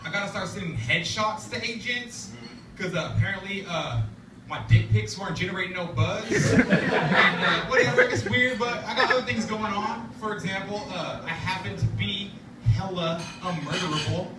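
In a laundromat café venue, a man speaks at normal speed in a voice that sits high, doing a loose, profane open-mic stand-up set with many fillers. The recording is live, roomy, distant and noisy, and audience laughter and chatter from the room sit underneath.

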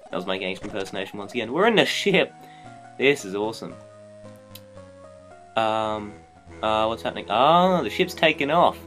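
A young man, giving excitable, joking commentary while playing a video game. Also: lowish voice, moderate pace, soft background music. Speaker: let's play host. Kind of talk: gameplay commentary.

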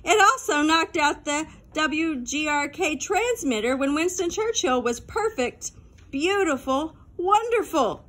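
A woman's voice: high-pitched, animated, unhurried, fairly bright tone, voice pushed up. A woman reading an audiobook, voicing a bitter, sarcastic fifth-grade boy who snaps his lines. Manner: snappish and sarcastic.

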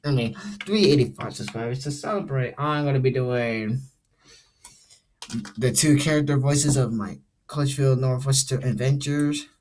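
A man's voice: mid-range voice, normal speed, darkish tone, a little hiss or hum. A young man hosting a casual vlog, rambling and hesitant with many restarts. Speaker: channel host.

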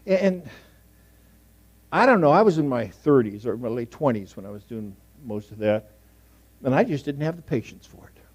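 Middle-aged male pastor preaching in church, anecdotal, shifts from loud to near-whisper. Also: medium pitch, animated, normal speed, pauses often, slightly rough. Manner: storytelling, swings from loud emphasis to hushed asides. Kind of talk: sermon. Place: church sanctuary.

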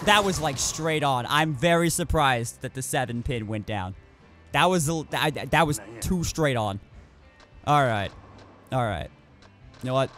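A man's voice: medium pitch, fairly bright tone. A man giving casual commentary while streaming a video game, rambling and often restarting his sentences. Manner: rambling, self-correcting with many restarts.

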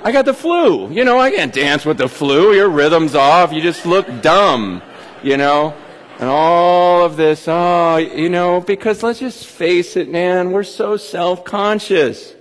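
A man's voice: sits high, animated, takes it slowly. A middle-aged man from California preaching a sermon as a pastor, candid and confessional, with stumbling restarts. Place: church hall. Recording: long hall reverb.

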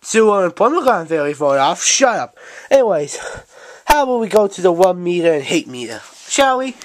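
A woman's voice: lowish voice, sing-song, moderate pace, dry recording. A woman voicing a brash, impatient cat who hosts a talk show, bossing the guests around in a playful home-made show. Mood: bossy. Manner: bossy, impatient, sarcastic. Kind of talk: playful toy-show role-play. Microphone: handheld camcorder mic.

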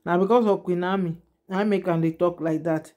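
A woman's voice: on the low side, fairly even intonation, fairly quick, dark tone, highs cut off. A woman speaking in a Nigerian Pidgin accent, giving casual gossip commentary to her viewers and often turning to them with asides. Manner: chatty, addresses viewers directly with repeated asides. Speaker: gossip vlogger.

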